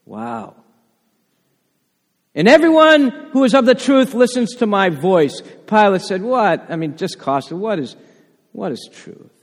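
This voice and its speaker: A man preaching a sermon, animated and acting out the voices in the passages he quotes. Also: high-pitched, a little slow, in a large hall. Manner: animated, acts out quoted voices with rising intensity. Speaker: pastor. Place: church sanctuary.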